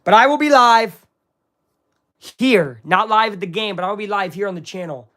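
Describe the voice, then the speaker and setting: A man hosting a casual live watch-along of a football game, excitable and swinging between hype and grumbling. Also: high-pitched, normal speed. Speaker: live-stream sports watch-along host.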